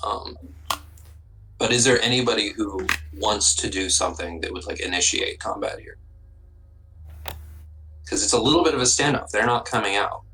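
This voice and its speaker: A man as dungeon master running a tabletop game, relaxed, often restarting his sentences. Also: fairly low pitch, moderate pace, long pauses, low-quality recording.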